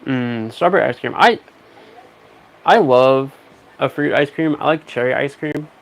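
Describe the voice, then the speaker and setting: Gravelly-voiced man chatting slowly on stream. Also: medium pitch, a little hiss or hum. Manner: soothing, coaxing talk to a pet bird. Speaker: pet parrot owner streaming. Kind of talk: casual livestream chat.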